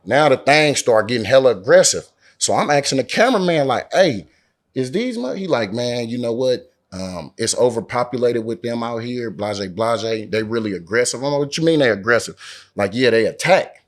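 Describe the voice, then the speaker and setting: Man telling a story in Bay slang. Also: mid-range voice. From Oakland, California. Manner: animated, acts out quoted dialogue, heavy slang and swearing. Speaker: interview guest. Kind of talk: casual storytelling. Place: lounge in a Las Vegas resort.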